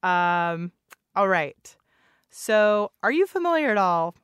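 A woman's voice: mid-range voice, slow pace, smooth, no echo, clean studio sound. Rambling chatty young woman podcaster. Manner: rambling, heavy filler words; excitable, laughs often. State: recovering from losing her voice. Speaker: podcast co-host. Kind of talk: casual chat.

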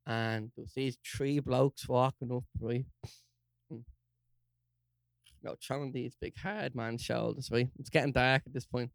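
A young man with a Dublin accent, co-hosting a podcast, telling a story in an animated way, swearing and acting out quotes. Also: mid-range voice, clean tone, no room sound, studio quality. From Ireland. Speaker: podcast co-host. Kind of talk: casual storytelling chat.

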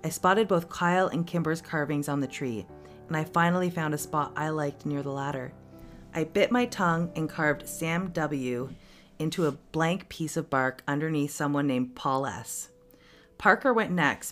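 A woman podcast host reading a story aloud with steady, expressive narration. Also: low voice, normal speed, soft background music.

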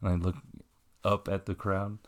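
Man, podcast co-host, casual chat, rambling storyteller, frequent laughter, lowish pitch. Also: level tone, normal speed. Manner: laughs often while telling a rambling story.

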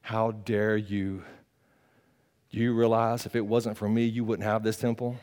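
A man's voice: on the low side, level tone, unhurried, a little mellow, big-room sound, lightly acted. A man voicing a proud, furious ancient king who rants indignantly at the priests confronting him. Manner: indignant, defiant, ranting.

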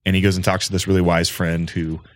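Podcast host guy, low voice, blunt friendly advice, dry close sound. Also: flat delivery, fast talker, no room sound. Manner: direct, advice-giving, peppered with "you know what I mean". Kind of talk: casual chat.

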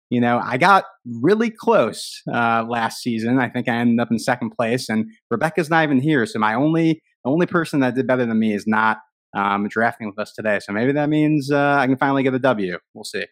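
A man on a podcast panel, speaking in a halting way full of fillers. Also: mid-range voice, lively intonation, no room sound. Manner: halting, many "you know" fillers. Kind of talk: casual podcast chat.

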